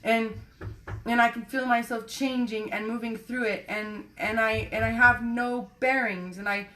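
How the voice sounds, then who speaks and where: A woman's voice: on the high side, steady tone, a little slow, bright, forceful tone. A woman talking candidly to camera in a rambling, self-reflective personal monologue, swearing casually. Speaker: personal vlogger.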